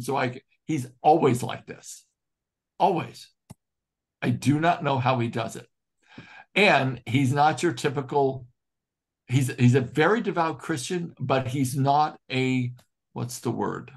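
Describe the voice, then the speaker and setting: A man's voice: mid-range voice, vocal fry. Earnest man musing in a study group. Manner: earnest and heartfelt, slow and reflective. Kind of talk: casual spiritual group discussion.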